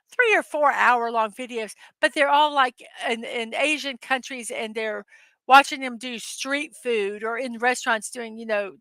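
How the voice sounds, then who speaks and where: A chatty woman hosts a casual livestream and talks easily with her viewers, breaking into giggles. Her voice sits a little high and sounds bright and forward. The sound is close and dry, with no room around it. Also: no room sound. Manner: chatty, giggly, reads viewer comments aloud. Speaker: livestream host. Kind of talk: casual live-stream chat.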